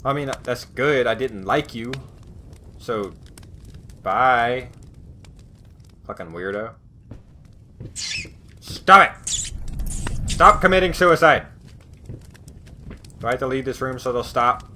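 A man hosting a horror game let's play, swearing and snarking at everything on screen. He talks slowly, and his voice has a bright edge. A faint hiss sits underneath. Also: mid-range voice. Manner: profane, snarky reactions to the game. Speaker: gaming video host.

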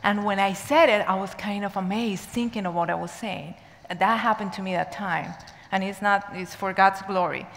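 A woman giving a sermon in a church, telling a story earnestly and with emphasis, sometimes rushing and sometimes slowing down. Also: medium pitch, creaky. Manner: earnest, emphatic storyteller, pace shifting between rushed and slow. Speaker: church speaker. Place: church sanctuary. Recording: long church hall reverb.

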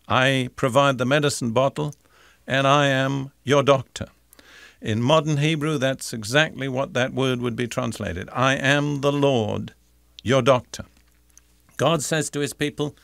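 Older man, Bible teacher, sermon, deliberate, emphatic, dry recording. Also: mid-range voice, vocal fry, fairly bright tone, no room sound. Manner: deliberate, emphatic, repeats key phrases.

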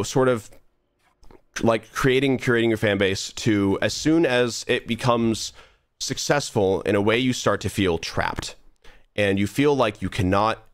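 In clean studio sound with no room reverb, a young male streamer with a fairly low voice plays a game and talks earnestly. He rambles through a casual monologue, often restarting and drifting into trailing asides.

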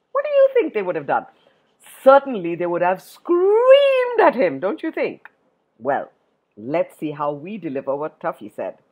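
A woman tells a rhyming story to children in a slow, unhurried reading. Her voice rises and falls dramatically as she stops to ask her young listeners questions. Her tone is slightly husky. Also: low voice, narrow, tinny audio. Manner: expressive, asks listeners questions. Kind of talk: reading a poem aloud to children.

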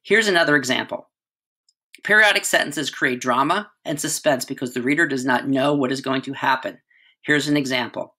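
A middle-aged male teacher with a bright, forward voice, talking through a writing lesson. He keeps it casual and conversational, pausing to check in with his listeners. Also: medium pitch. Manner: conversational, frequent "right?" and "all right" checks.

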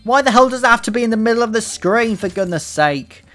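A man doing sarcastic, profane, excitable commentary while playing a video game, recorded into a desk microphone. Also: very high-pitched, quick pace, faint music behind. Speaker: let's play commentator.

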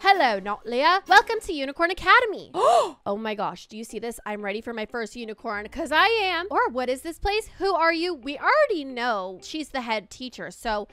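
A woman hosting a game video, giving excited, gushing gameplay commentary with frequent gasps. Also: high-pitched, normal speed, smooth, dry recording. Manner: gasps often, gushing and exclamatory.

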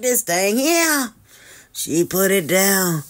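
A host giving sassy gossip commentary, drawling and teasing, with sudden high squeals and long hums. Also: animated, slow.

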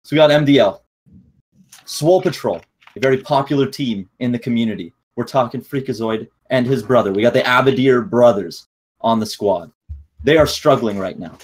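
A man's voice: medium pitch, moderate pace, breathy edge. A young man co-hosting an esports podcast, laid-back and joking, reading out chat and giving match rundowns. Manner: laid-back, laughing, bro-talk. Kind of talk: casual chat.

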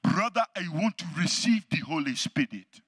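A man's voice: fairly high pitch, very animated, normal speed, a bit bright, breathy edge, clean studio sound, voice pushed up, full character voice. A man putting on an African accent to voice an earnest male evangelist asking for prayer. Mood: pleading. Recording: echoey church sanctuary.

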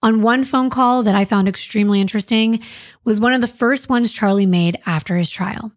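A woman's voice: on the high side, brisk, dry recording. Female true crime host, wry and sarcastic; dry, close recording. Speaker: podcast host. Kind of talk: true crime podcast narration.

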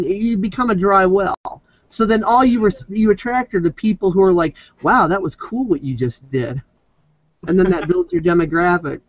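A man with a fairly high voice tells a story in loose, casual chat, circling back and restarting his sentences. The sound is dry and close, with no room around it. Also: normal speed, no echo, low-quality recording. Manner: rambling storyteller with restarts, mimics voices in quotes. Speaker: video host.

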